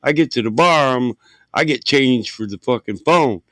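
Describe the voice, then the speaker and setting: A man from Michigan spins a loud, profane anecdote in a loose, animated way. His voice sits mid-range and sounds dry and close to the mic. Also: mid-range voice, normal speed, dry recording. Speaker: podcast host. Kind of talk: casual storytelling.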